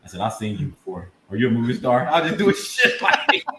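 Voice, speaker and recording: A man spins a comedic story in casual chat, with a lively voice that jumps high and low as he acts out the other people. His voice rings in an echoey room, with faint noise behind him. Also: fairly quick. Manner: animated, acts out voices and laughs mid-story. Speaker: podcast guest storyteller.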